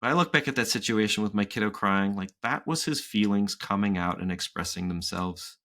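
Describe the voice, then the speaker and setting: A man's voice: fairly low pitch, fairly quick. A man in his thirties co-hosting a casual podcast chat, telling stories and acting out quotes. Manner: animated storytelling with acted-out quotes. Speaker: podcast co-host.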